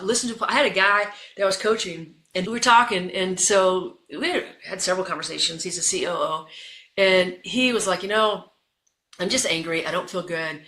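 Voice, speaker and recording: A woman's voice: fairly low pitch, sharp tone, roomy sound. A woman leadership coach, a guest in an interview, talking with energy and repeating phrases for emphasis.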